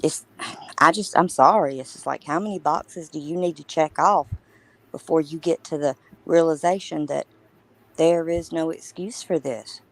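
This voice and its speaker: A woman's voice: deep voice, normal speed, dry recording, poor audio. A woman co-hosting a casual true crime livestream, talking emphatically and indignantly with many restarts.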